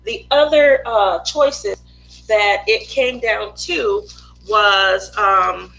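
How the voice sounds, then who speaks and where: A woman's voice: mid-range voice, extremely slow, gravelly, a bit bright, low-quality recording. A woman from Las Vegas hosting a casual craft livestream, greeting viewers by name in a playful, chatty, sometimes sing-song way. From Las Vegas, USA. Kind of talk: casual livestream chat while painting.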